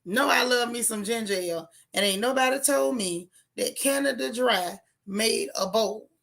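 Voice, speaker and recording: A woman's voice: on the high side, moderate pace, vocal fry, a bit bright. A woman hosting a casual livestream, reading chat comments aloud and teasing her viewers. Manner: chatty, teasing, dramatic exclamations. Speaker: vlog host reading chat.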